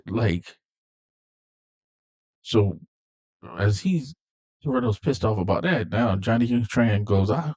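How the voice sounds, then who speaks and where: Male, low mellow voice, casual storyteller who jumps up in pitch to act out characters' quotes. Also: takes it slowly, long pauses, dull audio. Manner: animated, acts out characters' lines in raised voices. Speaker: movie commentator. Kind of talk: casual movie retelling.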